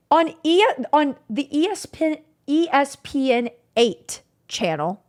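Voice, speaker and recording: A young woman streamer casually recapping stories to her chat, animated and swearing freely. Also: high-pitched.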